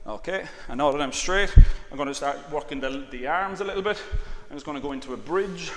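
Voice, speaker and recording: A man's voice: a little high, brisk. Man cueing exercises, reverberant room. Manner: calm, repeats "all right" often, cues breathing and counts reps. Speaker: exercise instructor. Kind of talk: exercise class instruction. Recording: long reverb, faint background noise.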